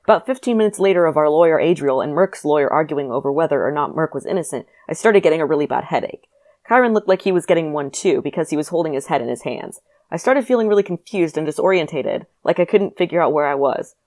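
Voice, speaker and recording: A woman podcast host reading her own childhood story aloud, expressive and joking. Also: sits low, quick pace.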